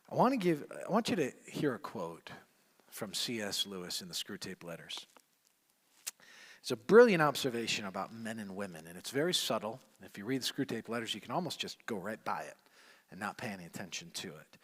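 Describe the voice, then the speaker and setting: A man teaching a men's session in sermon style, emphatic and repetitive, swinging from hushed asides to loud declarations. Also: lowish voice. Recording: long hall reverb.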